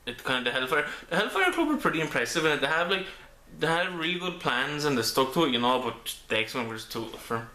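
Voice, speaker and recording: Man, casual comic review, bright voice, lots of ums and restarts, echoey room, camera mic. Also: fairly high pitch, sing-song, fast talker, few pauses. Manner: rambling with many ums and restarts.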